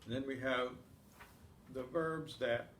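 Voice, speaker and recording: In a community classroom, a man teaches an advanced Spanish class, patiently explaining grammar and reciting verb forms one by one in drills. His voice is medium-pitched, fairly even, slow and a bit bright. The recording has a roomy echo, faint ambience and a little hiss or hum.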